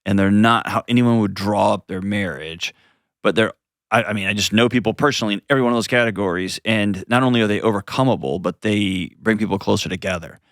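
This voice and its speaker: Hosting an advice call-in show, a man with a lowish voice coaches a caller earnestly and gently, often restarting sentences as he thinks out loud. He talks fast, and the studio sound is dry and close with no echo.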